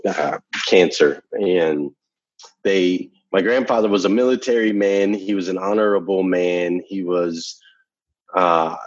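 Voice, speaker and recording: Husky-voiced man telling a heartfelt story. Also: sits low, dry recording, dull audio. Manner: emphatic, repeats phrases for effect; motivational, challenges the listener. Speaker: podcast guest. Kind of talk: personal storytelling.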